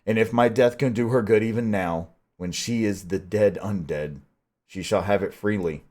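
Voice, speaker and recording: A man reading the part of a grave, stern old professor who pleads with measured weight. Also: lowish voice, darkish tone, natural voice. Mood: pleading. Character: grave old male Dutch professor, stern yet tender. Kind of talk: audiobook reading.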